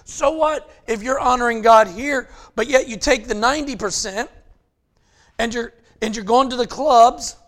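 Gravelly high-voiced male preacher. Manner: conversational preaching, frequent "okay?" check-ins, rising to loud emphatic passages. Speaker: pastor. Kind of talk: sermon.

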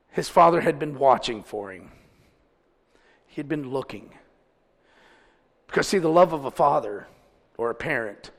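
A middle-aged man preaching a sermon as pastor, swinging between loud, drawn-out peaks and quiet asides. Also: medium pitch, in a large hall.

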